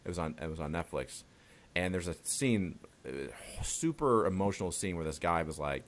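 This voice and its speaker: A podcast host with a low, expressive voice chats casually in an interview at normal speed. He keeps it loose, swears occasionally, and laughs easily.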